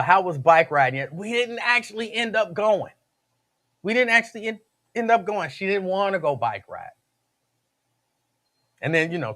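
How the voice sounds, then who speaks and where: A man's voice: mid-range voice, fairly bright tone. A man hosting a radio talk show, chatting casually with listeners, laughing often and repeating himself.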